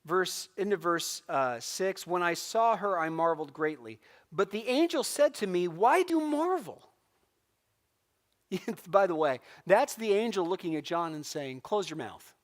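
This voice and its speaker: A middle-aged man from California leads a church Bible lesson, his voice sitting a little high for a man. He talks casually, acting out quotes and stories with a lively, laughing delivery. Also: moderate pace. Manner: animated storytelling with acted-out quotes and laughs. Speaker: Bible class teacher.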